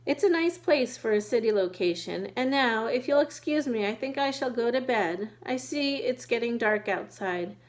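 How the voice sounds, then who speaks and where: A woman voicing a tiny, gentle female songbird who speaks softly and courteously. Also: on the high side, animated, normal speed, hardly any pauses, lightly acted. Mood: polite. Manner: soft and courteous.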